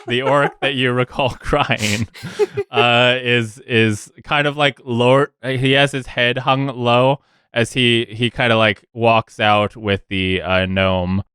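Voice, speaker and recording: A man narrating as game master of a tabletop game, halting and unhurried with chuckles. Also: mid-range voice, fairly even intonation, sharp tone, clean tone, dry recording, clean studio sound. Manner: halting, many fillers and restarts, chuckling.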